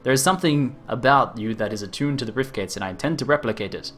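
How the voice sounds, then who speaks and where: Brief: streamer doing a hammy Aussie mad scientist, eccentric and cackling, read aloud from game text. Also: male voice, mid-range voice, expressive, fast talker, fairly bright tone, lightly acted. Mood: cheery rambling. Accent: over-the-top Australian stereotype. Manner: exaggerated, cackling quest-text reading. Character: eccentric male scientist and inventor, gleeful and reckless. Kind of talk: reading game dialogue aloud in voices.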